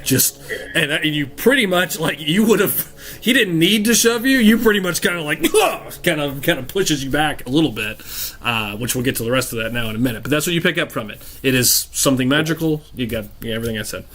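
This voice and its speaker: Man, game master, tabletop game narration, rambling, fillers, restarts, fairly high voice. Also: fast, a bit bright.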